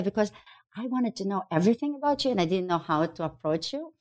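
A woman, a guest on a podcast, telling a story quickly and expressively and acting out the dialogue. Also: mid-range voice, lively intonation, darkish tone. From Ukraine. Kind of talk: animated storytelling.

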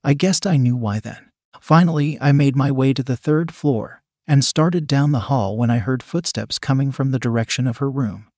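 Man, first-person story narration, steady delivery, middle pitch, dry close recording. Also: moderate pace, no room sound.

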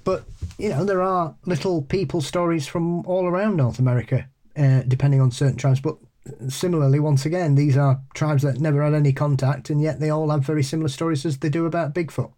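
A man co-hosting a podcast in casual chat, halting and repeating his words, often laughing. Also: a little high, steady tone, mellow. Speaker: podcast co-host. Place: pub.

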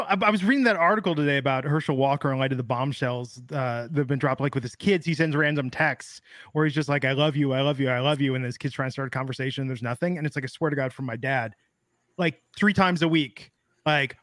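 A man's voice: medium pitch, quick pace, a bit bright, no echo. A man co-hosting a casual wrestling podcast, rambling with lots of fillers and wry jokes. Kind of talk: casual chat.

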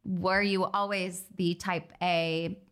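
A woman hosting a casual interview, enthusiastic and quick to laugh. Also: fairly low pitch, level tone, smooth. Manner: enthusiastic, warm reactions, laughs often. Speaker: host.

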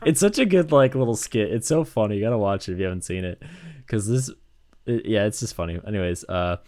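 A man chatting casually, rambling and excited as he lays out a fan theory, with many fillers. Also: fairly low pitch, quick pace, no room sound, studio quality. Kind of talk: casual chat.

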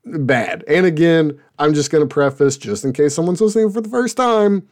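A man's voice: on the high side, moderate pace, darkish tone. A man hosting a casual show review, rambling and laughing, often stopping to restart his sentences. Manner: rambling, laughing, self-interrupting. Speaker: podcast host reviewing shows.

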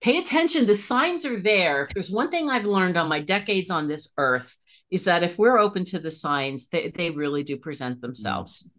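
A middle-aged woman from Pennsylvania, a guest on a podcast, telling her stories in casual chat with her voice leaping up when excited. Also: lowish voice, moderate pace.

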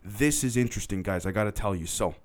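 A man's voice: on the low side, quick pace, slight background noise. A man hosting a podcast, telling a story in a casual, rambling way and talking straight to his listeners. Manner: rambling, conversational, addresses listeners directly. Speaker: podcast host.

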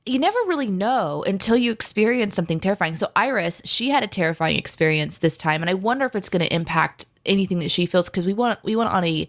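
A woman's voice: mid-range voice, lively intonation, fast, few pauses. A woman co-hosting a podcast in casual chat, talking animatedly and laughing often. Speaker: co-host.

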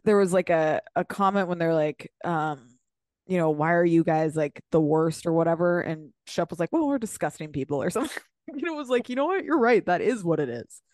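A woman's voice: fairly low pitch, expressive, fairly quick, darkish tone, no room sound, clean studio sound. A woman co-hosting a podcast, chatting casually and gossiping, swearing and acting out quotes from the show. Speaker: podcast co-host. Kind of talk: casual chat.

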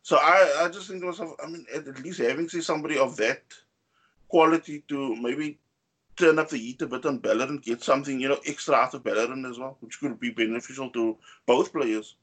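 Animated man chatting about football. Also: a little fast. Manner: animated, rising pitch when stressing points, many fillers. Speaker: podcast co-host. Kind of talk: casual football chat.

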